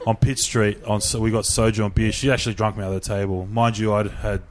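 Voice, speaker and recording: A young man, a guest chef telling a story in animated, casual chat, swearing freely and stacking up fillers. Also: on the low side, fast.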